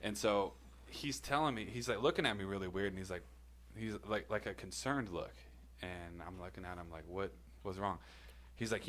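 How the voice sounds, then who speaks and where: A man's voice: low-pitched, moderate pace, fairly bright tone, slight background noise. A man on a podcast telling a personal story in a loose, rambling way, swearing often and laughing between lines. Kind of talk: casual storytelling.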